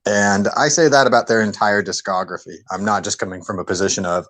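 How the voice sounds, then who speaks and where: A man on a podcast giving his opinions in a measured, deliberate way. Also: on the low side, fairly even intonation, fairly bright tone. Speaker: podcast co-host. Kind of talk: casual podcast discussion.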